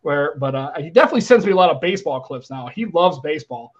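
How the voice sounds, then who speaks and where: An American man hosts a casual tech podcast, talking quickly in a slightly high voice. He rambles with restarts and lets phrases fade quietly, and the audio is muffled and lo-fi. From United States. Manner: rambling, animated, trails off quietly at phrase ends. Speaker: podcast host.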